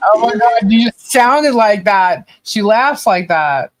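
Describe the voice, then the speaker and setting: A woman's voice: fairly high pitch, expressive, slow pace, no echo. A woman co-hosting a podcast in casual chat, fondly and emotionally reminiscing and laughing often. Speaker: podcast co-host.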